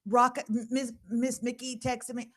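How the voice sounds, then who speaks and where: A middle-aged woman hosting a casual live podcast, telling lively stories and mimicking people. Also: fairly high pitch, normal speed. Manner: animated storyteller, laughing, mimicking others. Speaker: podcast host.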